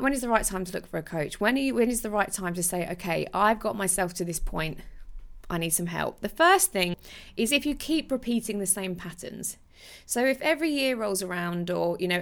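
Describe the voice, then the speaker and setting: A woman's voice: medium pitch, creaky. A young woman hosting her podcast, chatting casually and animatedly with restarts and laughs. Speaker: podcast host. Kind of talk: casual solo podcast talk.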